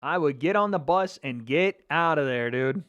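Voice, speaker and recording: An American man giving an excitable live reaction to a football match as a YouTube host, swearing and breaking into shouts. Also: a little high, normal speed, clean tone, muffled recording. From United States.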